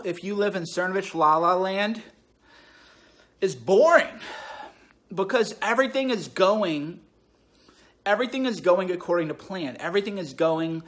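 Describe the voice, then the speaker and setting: A man's voice: high voice, a bit bright, reverberant. A man, a political commentator ranting casually to camera in a mocking, sarcastic and emphatic way.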